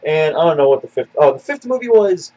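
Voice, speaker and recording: A man co-hosting a casual podcast, answering viewer questions in a rambling, animated way with many fillers and restarts. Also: fairly high pitch, quick pace, highs cut off. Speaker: podcast co-host.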